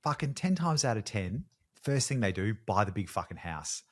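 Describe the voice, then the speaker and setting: Easygoing man, lowish voice. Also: big pitch swings, normal speed. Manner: reflective, joking, swears for emphasis. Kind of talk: casual chat.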